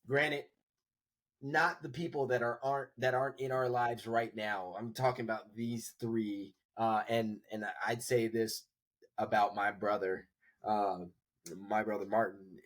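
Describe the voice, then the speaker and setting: A man's voice: fairly low pitch, little pitch movement, measured pace. A man co-hosting a podcast, talking in a loose, rambling way with many restarts. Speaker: podcast co-host. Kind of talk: casual chat.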